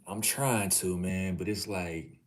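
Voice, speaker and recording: A man's voice: low voice, steady tone, slow. A middle-aged man from Texas hosting a livestream, talking casually with his chat, swearing freely and calling viewers nephew. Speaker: livestream host.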